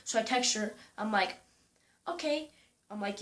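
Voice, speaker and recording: A young woman vlogging casually, retelling a story with lots of "like" and quoting people in a higher voice. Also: normal speed, a bit bright, a little hiss or hum. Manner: chatty, full of "like" and "I'm like", quoting others in a higher voice.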